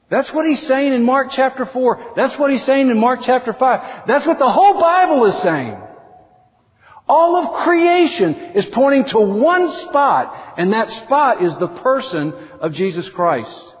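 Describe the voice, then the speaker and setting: High-voiced preaching man in a big hall. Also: normal speed. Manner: animated preaching, voices quotes with big pitch swings. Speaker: pastor. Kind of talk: sermon. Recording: dull lo-fi sound with long hall reverb.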